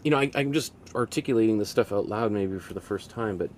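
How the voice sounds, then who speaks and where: A middle-aged man giving a relaxed painting lesson, thinking aloud as he works, rambling with restarts and soft laughs. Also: lowish voice, quick pace, a little hiss or hum. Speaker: art teacher.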